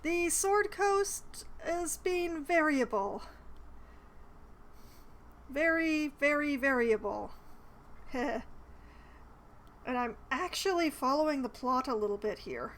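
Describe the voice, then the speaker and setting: High-voiced woman chatting over gameplay. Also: lively intonation, takes it slowly, pauses often, fairly bright tone, a little hiss or hum. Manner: chatty, hesitant, self-deprecating. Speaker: streamer playing a game. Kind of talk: casual gameplay commentary.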